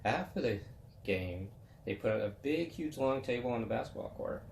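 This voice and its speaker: A man's voice: mid-range voice, animated, moderate pace, gravelly, darkish tone, reverberant, slight background noise. A man in his fifties hosting a web chat show, talking about sports in a rambling, folksy, casual way. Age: 50s.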